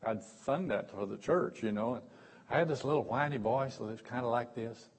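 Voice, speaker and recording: Husky preacher telling folksy stories. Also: male voice, medium pitch, normal speed, rough recording. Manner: folksy, self-mocking, repeats and restarts words; bursts into sudden loud stretches. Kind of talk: storytelling sermon.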